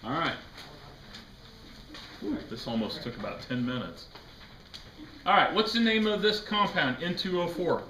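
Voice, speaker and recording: A man's voice: on the high side, lively intonation, a little slow, pauses often, sharp tone. A man teaching a chemistry class, lecturing casually, joking and quizzing his students. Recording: echoey classroom with faint noise.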